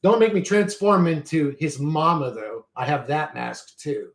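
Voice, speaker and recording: Reading live chat on his channel's casual livestream, a man rants in a heated, profane, rambling way. His voice is fairly high and his delivery a little slow.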